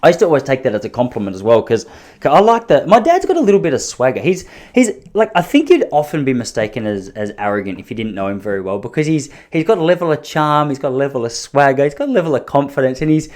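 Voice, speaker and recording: A man's voice: mid-range voice, darkish tone. An Australian man in his thirties hosting a podcast, telling rambling, self-deprecating stories in a casual, jokey way. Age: 30s. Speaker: podcast host. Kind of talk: casual solo storytelling.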